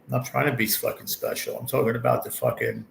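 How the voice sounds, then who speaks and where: Gravelly-voiced man, blunt and profane. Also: medium pitch, very animated, fast talker, a bit bright, slight background noise, poor audio. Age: 40s. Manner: blunt, heavy swearing, rambling. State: ill with stage four cancer. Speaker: livestream host. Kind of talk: casual livestream chat. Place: hospital room.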